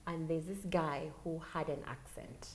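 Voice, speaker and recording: A woman's voice: low-pitched, fairly even intonation, unhurried, a little hiss or hum. Candid Ugandan woman telling stories. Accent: Ugandan English. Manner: candid storytelling, mimics other voices. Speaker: podcast co-host. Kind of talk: casual chat. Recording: roomy echo.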